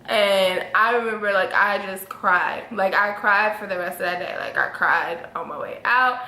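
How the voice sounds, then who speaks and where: A young woman in her twenties telling a story casually as a vlogger, acting out quotes with big jumps in her voice. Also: normal speed. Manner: animated, acts out quotes with big pitch jumps. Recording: echoey room with faint ambience.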